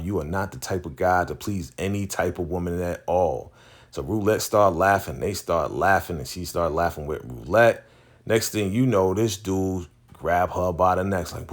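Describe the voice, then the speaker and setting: A man casually recapping a TV episode, retelling scenes and acting out the characters' dialogue in slang-heavy speech. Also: sits low. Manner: animated, acts out dialogue in quick character voices. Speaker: TV recap vlogger.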